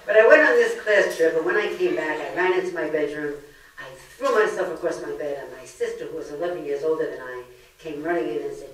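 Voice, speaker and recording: An older woman originally from Brooklyn, New York, talks fast in a voice that sits low, spinning jokes and stories in a comedic lecture. She's recorded in a library meeting room that echoes, from a distant mic.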